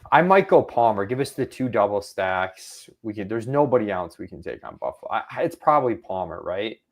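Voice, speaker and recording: A man's voice: fairly low pitch, sing-song, brisk. A man co-hosting a casual fantasy football draft podcast, thinking aloud and talking himself into picks. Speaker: podcast co-host.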